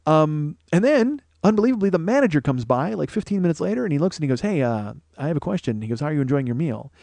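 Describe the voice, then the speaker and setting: Brief: male comic, quick profane storytelling, bright-ish voice, dry mic. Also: on the high side, sing-song, vocal fry, no room sound. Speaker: comedian host. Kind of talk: rambling comedic monologue.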